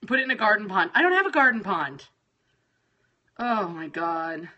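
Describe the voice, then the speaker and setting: Middle-aged lady ranting to her livestream viewers, swears a lot, bright voice, highish. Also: sing-song, rapid-fire, highs cut off. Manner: exasperated, profane, scattered. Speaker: livestream host. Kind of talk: casual livestream chat with viewers.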